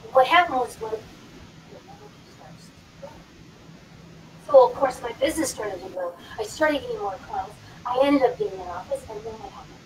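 A woman's voice: high voice, very animated, moderate pace, darkish tone, echoey room. A middle-aged woman, a guest on a talk show, telling her personal story dramatically and acting out the dialogue. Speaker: guest, wellness coach. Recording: distant mic, clear background noise.

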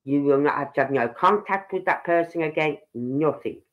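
A woman's voice: sits low, normal speed, muffled recording. Brief: woman, 50s, true-crime live streamer, opinionated and indignant, roomy echo. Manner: indignant, opinionated, talks straight to viewers. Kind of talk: casual live commentary.

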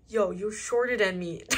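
A woman's voice: medium pitch, sharp tone, a little hiss or hum. A woman chatting casually and giggling. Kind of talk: casual chat.

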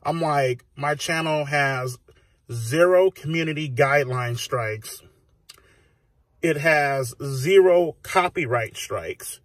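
A man's voice: fairly high pitch, slow pace, a bit bright, dry recording. A man in his thirties from the United States, ranting heatedly with constant swearing and filler phrases as a vlogger recording on his phone. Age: 30s. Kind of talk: profane rant to camera.

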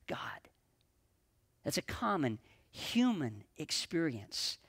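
A pastor with a high, slightly bright voice preaches a sermon at a live church service. He's earnest, slowing down and lowering his voice for emphasis.

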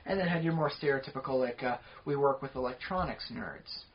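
Man, mid pitch, podcast co-host, rambling casual chat, muffled audio. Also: fairly quick. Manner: rambling, talkative, lots of fillers.

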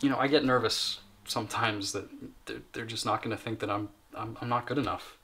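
A man's voice: medium pitch, fairly even intonation, brisk, pushed and bright. A young man acting the lead in a student parody film, speaking in a nervous, stammering way and swearing now and then. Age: young adult.

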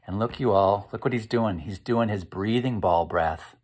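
A man reading a picture book aloud to children, asking them gentle questions as he goes. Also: lowish voice, moderate pace. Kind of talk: interactive read-aloud.

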